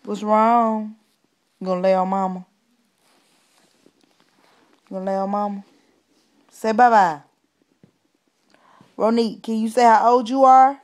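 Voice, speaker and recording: A woman's voice: medium pitch, fairly even intonation, measured pace, long pauses, darkish tone. A woman filming her baby at home, coaxing her in sing-song baby talk.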